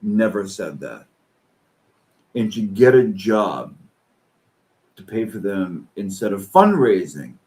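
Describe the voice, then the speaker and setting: Angry ranting man, wide pitch swings. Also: rough recording. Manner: slow-paced, with lively pitch swings. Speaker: streamer reacting to online posts. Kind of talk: profane reaction commentary.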